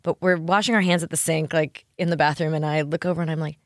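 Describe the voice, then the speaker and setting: A woman in her forties hosting a podcast, telling lively stories and acting out the quotes in casual chat. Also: sits low, a little fast, no room sound, clean studio sound. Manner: animated storyteller, acts out quotes. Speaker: podcast host.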